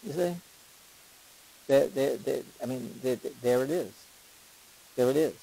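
A man leading a parish Bible study as its teacher, questioning his class and repeating key lines for emphasis in an unhurried classroom lecture. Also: mid-range voice, creaky, warm tone, slightly rough, rough recording. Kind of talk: lively classroom lecture on scripture.

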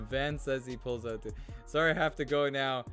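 A man chats his way through a live gaming stream, reading out viewer messages and answering them as he goes. His voice sits at an ordinary pitch, and faint game music plays softly behind him. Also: moderate pace. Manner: chatty, reads viewer comments aloud, laughs often. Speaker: gaming livestream host. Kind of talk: casual live-stream chat.

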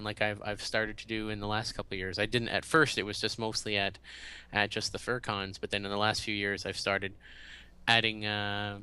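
Animated man telling stories, bright voice. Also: on the low side, smooth. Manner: animated, acts out quotes in a raised voice; halting, often restarts. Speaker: podcast guest. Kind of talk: casual storytelling in an interview.

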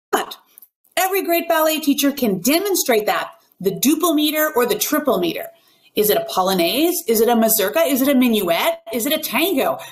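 A woman who works as a ballet pianist, giving an instructional video talk in an emphatic, well-enunciated coaching tone. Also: sits high. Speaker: ballet pianist and teacher educator.

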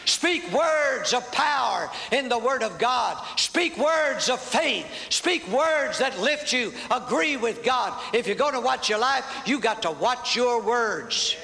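A pastor with a very high-pitched, creaky, bright voice preaches a fervent sermon in a church sanctuary, expressive and forceful at a measured pace with hardly any pauses, calling for responses from the congregation. The recording echoes like a church hall, with faint noise.

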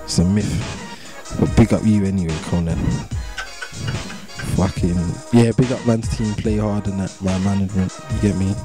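Low and steady, moderately paced: that's this young English rapper in a casual interview. He speaks with a London street accent and heavy slang, repeating himself in a laid-back way over background music.

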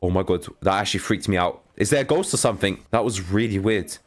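A young man giving excitable live commentary on his own video game play, talking to his viewers and breaking into exasperated outbursts. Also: lowish voice, fast talker, soft background music. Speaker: gaming YouTuber.

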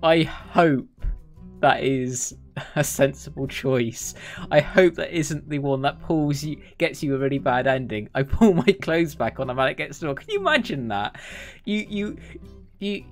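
A man's voice: on the high side, expressive, unhurried, soft background music. Chatty, giggly man playing a game. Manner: chatty, laughs often, exclaims. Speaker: game streamer. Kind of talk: casual let's-play commentary.

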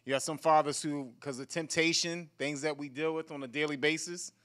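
A man's voice: fairly high pitch, fairly even intonation, brisk, fairly bright tone. A man moderating a community event, upbeat and encouraging as he directs the fathers on stage. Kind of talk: event hosting.

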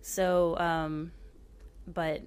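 A woman's voice: lowish voice, flat delivery, drawn-out words, a little mellow, clean tone. A woman from Oklahoma giving a book talk, telling her travel story in a chatty, self-deprecating way with lots of fillers and a short reading. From Oklahoma, USA.

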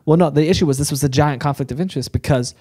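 A man co-hosting a podcast, explaining in casual chat with lots of fillers, his voice rough and hoarse. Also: on the high side, rapid-fire, a little mellow. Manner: explaining, filler-heavy, joking. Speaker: podcast co-host.

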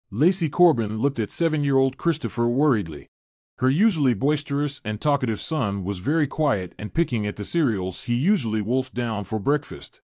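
A man narrates a scripted story in an even, steady storytelling manner. His voice sits at a middle pitch. The recording is dry and close, with no room echo.

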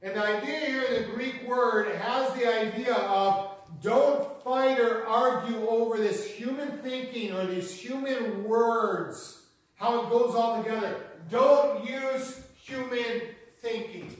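A man preaches a sermon with an earnest, emphatic teaching manner, driving key phrases home by repeating them. His voice sits fairly high. He is heard from a distance in a large, very echoey church hall. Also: slow pace. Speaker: pastor. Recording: very echoey hall, mic far off.

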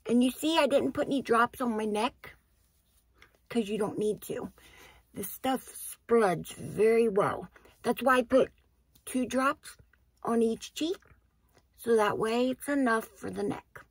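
A woman's voice: fairly high pitch, slow, long pauses, breathy edge, no room sound. A woman talking casually through her skincare routine, explaining each step as she goes. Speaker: beauty vlogger.

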